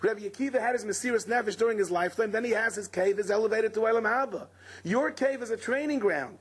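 Husky high-voiced man teaching Torah. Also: quick pace. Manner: dramatic storyteller who acts out quoted speakers. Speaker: rabbi teaching a Torah class. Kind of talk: Torah lecture with storytelling.

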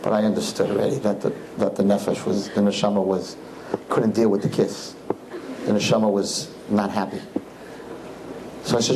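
A man, a rabbi, telling his students a story in an animated, repetitive way, with Hebrew and Yiddish words mixed in. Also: lowish voice, normal speed, pauses often, noisy background. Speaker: rabbi teaching a class.

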